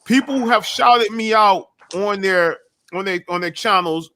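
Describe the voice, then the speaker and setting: High, bright-voiced man talking emphatically. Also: unhurried. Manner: emphatic, repetitive, profane, frequent restarts. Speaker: guest YouTube creator. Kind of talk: casual chat.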